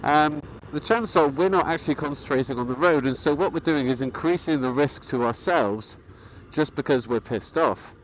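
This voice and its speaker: A man vlogging about motorcycling, talking in a calm, rambling way with many fillers and restarts. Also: a little high, moderate pace, a little hiss or hum, low-quality recording. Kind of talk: casual vlog monologue.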